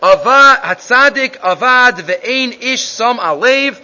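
Speaking slowly in a very high, animated voice with a sharp tone, a Talmud teacher conducts a Gemara class. He sing-songs through the Hebrew and Aramaic text, then translates and explains it in English, with many restarts. The recording quality is dull and lo-fi.

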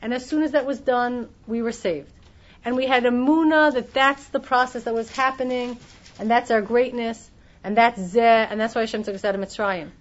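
A woman teaches a Torah class, explaining things, frequently restarting sentences and acting out quoted voices. Her voice is a little high with fairly even intonation at normal speed, on a dull lo-fi recording.

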